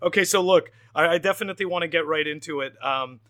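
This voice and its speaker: A man hosting a casual podcast, chatty and upbeat, who rambles and restarts his sentences. His voice sits a little higher than most men's. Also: fast, sharp tone. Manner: rambling, upbeat, many fillers. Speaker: podcast host.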